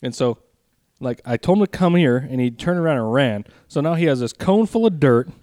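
A man trades rambling stories on a casual podcast, cursing freely and breaking into laughter. His voice sits at an everyday middle pitch. The sound is dry and close, with no room around it. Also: lively intonation, brisk, darkish tone, dry recording. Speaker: podcast co-host. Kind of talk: casual storytelling chat.

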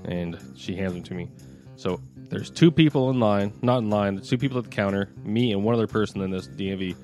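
A man's voice: lowish voice, a little fast, darkish tone, faint music behind. A man in casual podcast chat, telling a rambling story and laughing mid-story.

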